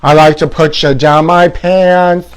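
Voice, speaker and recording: A man's voice: fairly high pitch, little pitch movement, unhurried, clean tone. A man hosting a comedy show, delivering a campy, sassy and theatrical tabloid gossip monologue.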